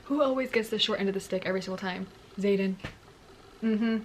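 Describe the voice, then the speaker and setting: A woman's voice: medium pitch, fast talker, a little hiss or hum. Gushing woman reacting to a book. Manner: gushing and exclamatory, reads passages in a hushed voice. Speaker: book vlogger. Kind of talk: excited book reading reaction.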